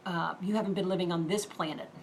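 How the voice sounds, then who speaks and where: A middle-aged woman minister giving an earnest, emphatic sermon-style message and quickly reading scripture aloud. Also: fairly low pitch, steady tone, slight background noise. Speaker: deliverance minister.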